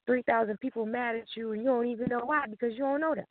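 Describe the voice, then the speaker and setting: A woman's voice: fairly high pitch, fast talker, dry recording. A woman author telling stories in a casual interview, laughing often and acting out what people said. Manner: animated storyteller, laughs often, acts out quotes. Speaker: guest author. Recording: dry tinny phone line.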